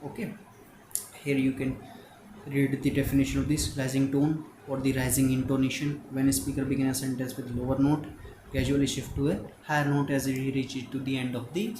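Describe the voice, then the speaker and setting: A man with an Indian English accent, explaining exam notes as a tutor and talking in halting starts with many fillers. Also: medium pitch. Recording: echoey room with noise.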